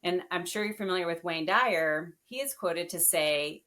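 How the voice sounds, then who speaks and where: A woman guest on a podcast, telling her story in a casual, animated and earnest way. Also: on the low side, normal speed.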